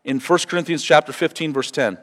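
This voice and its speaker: A man's voice: fairly high pitch, a little fast, big-room sound. A man preaching a sermon as pastor, earnest and emphatic, often checking in with the room. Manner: earnest, emphatic on scripture, asks the room "okay?".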